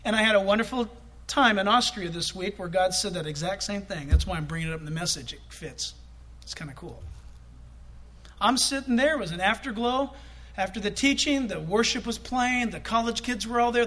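A middle-aged man preaching a sermon as pastor, animated, acting out quotes with sudden loud bursts. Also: high voice, fairly quick.

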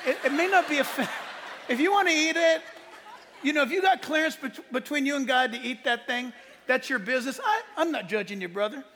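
A man preaching a sermon as pastor, animated and joking, often laughing and shouting in a church. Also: extremely high pitch, brisk, in a large hall, a faint crowd, a little hiss or hum.

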